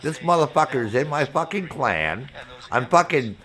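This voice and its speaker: A man's voice: a little high, moderate pace. A man streaming a game, telling his chat an angry story about a clan member, quoting both sides and cursing heavily. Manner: heavy cursing, animated storytelling with quoted back-and-forth. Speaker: gaming streamer.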